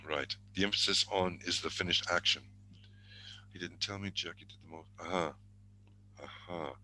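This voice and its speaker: A man's voice: low voice, moderate pace, pushed and bright, a little hiss or hum, rough recording. A man teaching an online exam-prep lesson over a video call, thinking aloud and correcting himself as he goes, with murmured asides.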